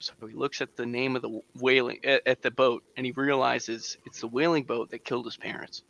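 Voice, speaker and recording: Bright-voiced male panelist on a dull line. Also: medium pitch, vocal fry, dry recording. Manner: keeps checking in with "right?" while telling. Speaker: panel guest. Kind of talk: telling a joke on radio.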